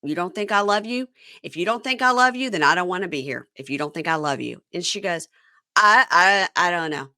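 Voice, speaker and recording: A woman hosting a casual podcast, retelling reality show scenes with lively acted-out quotes. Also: lowish voice, a little fast, dry recording, studio quality. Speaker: podcast host. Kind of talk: casual recap chat.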